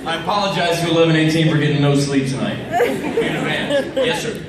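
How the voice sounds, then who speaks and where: A man on a convention panel telling profane, animated anecdotes and acting out the lines of the people in them. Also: on the high side, brisk. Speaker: panel guest. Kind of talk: storytelling at a fan convention panel. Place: large convention hall. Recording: echoey hall from far off, loud crowd and noise.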